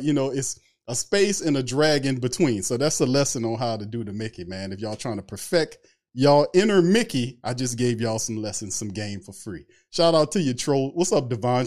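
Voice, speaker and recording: A man's voice: mid-range voice, lively intonation, a little fast, a little mellow. A man hosting a casual sports talk livestream, loose and chatty, greeting viewers in the chat by name. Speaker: sports talk show host.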